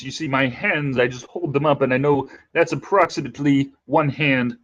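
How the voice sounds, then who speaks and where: A man's voice: mid-range voice, normal speed, fairly bright tone, highs cut off. A man playing a tabletop role-playing game, talking in character in a fussy, scholarly way with many hesitant fillers.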